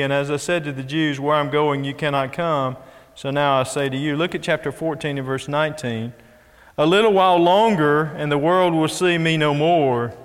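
A man preaching a sermon in an earnest way, repeating key phrases as he builds emphasis. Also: on the high side. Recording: long echo of a large hall.

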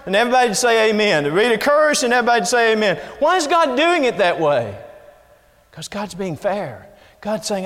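A man's voice: sits high, fairly bright tone, big-room sound. A man preaching a sermon in an earnest, emphatic way, reading scripture and repeating key phrases.

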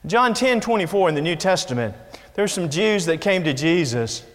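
A man's voice: sits high, big pitch swings, normal speed, in a large hall. A man preaching a sermon in an earnest, emphatic way, reading scripture and repeating key phrases.

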